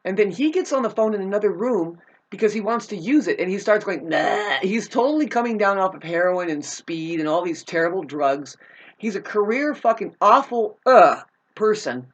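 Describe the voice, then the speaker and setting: A woman's voice: medium pitch, lively intonation, normal speed. A woman telling a personal grievance in a casual, rambling monologue, agitated and profane, with frequent restarts.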